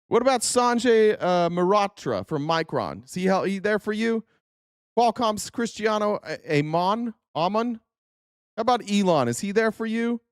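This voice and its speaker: A man's voice: high-pitched, clean tone, dry recording, studio quality. A man hosting a casual political commentary show, sarcastic and profane, firing off rhetorical questions. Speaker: host.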